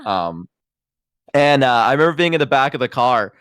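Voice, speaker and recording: A man's voice: mid-range voice, sing-song, moderate pace, a bit bright, clean tone, no room sound, clean studio sound. Guy rambling casually, voice jumps all over the place. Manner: rambling storyteller, laughs often. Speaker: guest streamer. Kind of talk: casual chat.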